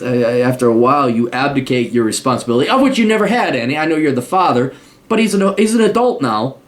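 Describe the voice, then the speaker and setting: A man's voice: medium pitch, big pitch swings, quick pace. A middle-aged man hosting an advice podcast, talking bluntly and sarcastically and acting out mock quotes. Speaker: podcast host giving advice. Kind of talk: casual advice monologue.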